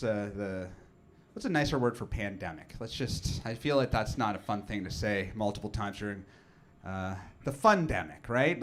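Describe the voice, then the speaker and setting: A man's voice: on the low side, slight background noise. A man, doing a rambling, self-deprecating stand-up set full of fillers and restarts. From Nova Scotia, Canada. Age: 30s. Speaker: comedian.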